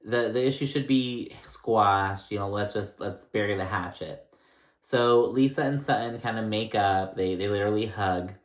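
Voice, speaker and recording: A man's voice: on the low side, moderate pace. A man casually recapping a reality show, gossipy and blunt, with lots of "like" and swearing. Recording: echoey room.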